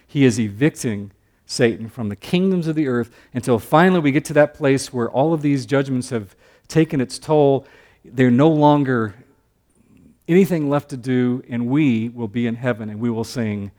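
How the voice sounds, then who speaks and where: A man giving a sermon-style Bible lesson, talking conversationally with joking asides, swinging between loud emphatic stretches and quiet asides. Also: mid-range voice, a little fast. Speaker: Bible teacher.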